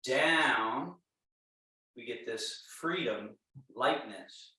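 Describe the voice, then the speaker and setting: A man with a medium-pitched voice leads a tai chi class, giving calm, slow, repetitive movement cues. The recording comes from a very echoey room with the microphone placed far away.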